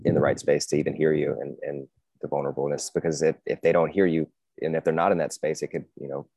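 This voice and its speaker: A man's voice: extremely low pitch, little pitch movement, fast talker, a little mellow, no echo. A man hosting a podcast, replying in an affirming, thoughtful way with frequent fillers in a casual conversation. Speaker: podcast host.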